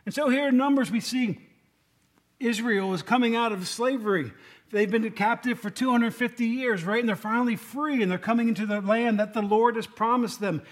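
A man's voice: extremely high pitch, moderate pace. A man giving a casual, joking sermon to a congregation, often asking them questions. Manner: chatty, joking, asks the room questions. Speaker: lay preacher.

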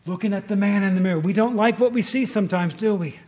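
This male preacher talks fast in a high voice with a darkish tone. Under a tin roof with rain pounding, he gives an informal, conversational sermon, quizzing his listeners and frequently starting his sentences over.

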